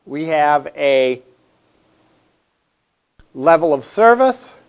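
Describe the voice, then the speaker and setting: Lively male college instructor lecturing. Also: fairly high pitch, drawn-out words, smooth. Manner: conversational, asks the class questions. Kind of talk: classroom lecture. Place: classroom.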